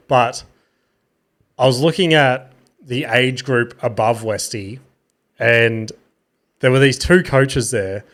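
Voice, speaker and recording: A man's voice: medium pitch, fairly bright tone. Tired Australian man hosting a podcast. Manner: rambling, swears casually, self-mocking. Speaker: podcast host. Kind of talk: casual solo storytelling.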